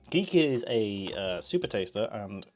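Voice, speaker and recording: A man's voice: on the low side, very animated, unhurried, soft background music. Chatty man streaming. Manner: chatty, joking, answering chat while making coffee. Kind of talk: casual live-stream chat.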